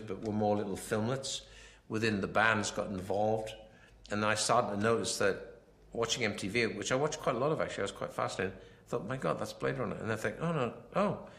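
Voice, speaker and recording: This male film director rambles through a commentary packed with anecdotes, frequently quoting himself and other people. His voice sits lowish with a slightly bright quality.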